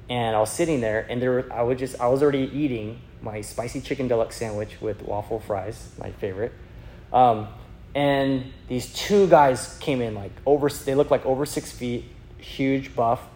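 Man, animated and chatty, teaching talk, fillers and acted quotes, faint hiss behind. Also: medium pitch. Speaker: youth evangelism speaker. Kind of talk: teaching talk with a personal story.

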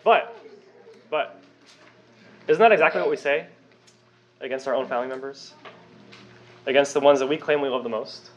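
A man's voice: medium pitch, moderate pace, pauses often. A young man preaching a sermon, emphatic and conversational, with frequent rhetorical questions. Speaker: pastor.

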